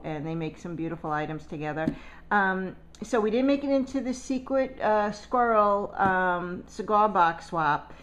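A woman's voice: medium pitch, rough recording. A woman unboxing a swap package at home on a casual vlog, gushing and gasping with delight over each item. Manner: gushing, excitable, gasping often. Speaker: vlogger. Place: home, at a table.

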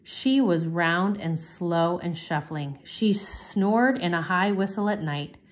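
A woman teacher reading a chapter book aloud to children, gently, lifting her voice for the children's lines. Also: on the low side, slow pace. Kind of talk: storybook read-aloud.

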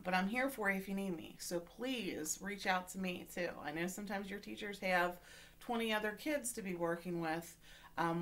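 A woman's voice: mid-range voice, a bit bright, slight background noise. A woman teacher giving a remote reading lesson to children, patient and encouraging, often checking in with "okay?".

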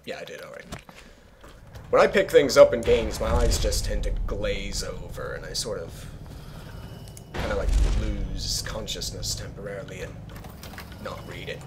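A man's voice: lowish voice, normal speed, pauses often, over music. A young man giving casual, rambling game commentary as a let's play host, sarcastic and swearing freely.

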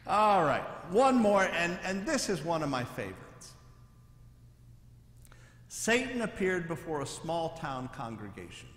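A man's voice: fairly high pitch, reverberant, big-room sound, slight background noise. A man, a church pastor, telling jokes to his congregation and acting out the punchlines. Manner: animated storyteller, acting out the punchlines. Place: church sanctuary.

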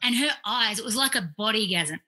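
A woman's voice: fairly high pitch, brisk, low-quality recording. An Australian woman in her forties, a clinical psychologist telling stories as a podcast guest, acting out the people she quotes. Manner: animated storyteller who acts out quoted voices. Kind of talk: podcast interview, anecdotal storytelling.

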